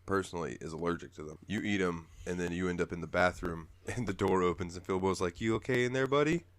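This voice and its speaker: A man's voice: deep voice, flat delivery, fast talker. A man hosting a casual podcast, telling stories animatedly and slipping into character voices. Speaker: podcast host. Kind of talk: casual chat.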